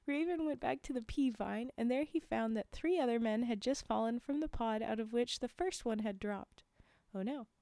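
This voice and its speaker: Creaky-voiced woman reading folktales aloud. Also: a little high, normal speed, mellow, no room sound, studio quality. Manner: chatty, frequent laughs and fillers while reading. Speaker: livestream storyteller. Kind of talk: casual read-aloud with asides.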